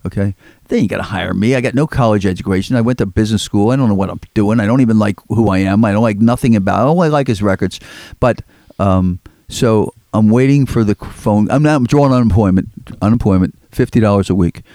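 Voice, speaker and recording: A man's voice: fairly low pitch, fast talker, a little mellow, no echo. Older Philly man telling a long story. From Philadelphia. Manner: rambling, repeats words, acts out quotes. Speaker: record collector guest. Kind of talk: storytelling in an interview. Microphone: studio microphone.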